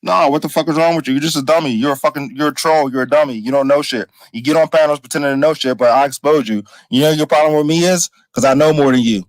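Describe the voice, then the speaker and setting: A man's voice: fairly high pitch, fast talker, hardly any pauses, dry recording, rough recording. A man arguing heatedly on a panel, insulting and combative, repeating his points. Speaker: panel debater. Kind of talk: heated argument.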